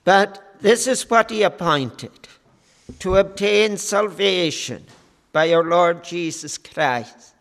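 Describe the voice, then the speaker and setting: A man preaching a sermon, with a high voice and a slow, measured delivery, pausing on fillers as he goes. His words ring with the long reverb of a church hall. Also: a bit bright.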